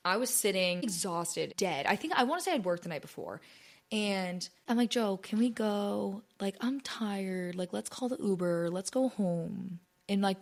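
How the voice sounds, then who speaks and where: Chatty young woman telling a story. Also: mid-range voice. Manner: chatty, rambling, swears often, heavy use of "like". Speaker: podcast host. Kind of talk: casual storytelling monologue.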